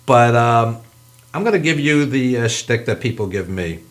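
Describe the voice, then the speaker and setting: A man's voice: medium pitch, normal speed. A middle-aged man hosting a casual interview, opinionated and talkative. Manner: lively, opinionated, fillers and restarts. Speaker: host.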